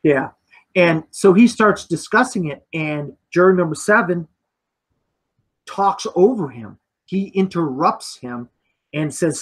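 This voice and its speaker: A man's voice: a little high, lively intonation, unhurried, a bit bright, breathy edge. A man hosting a casual film discussion, recapping the plot and leading the talk. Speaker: podcast host.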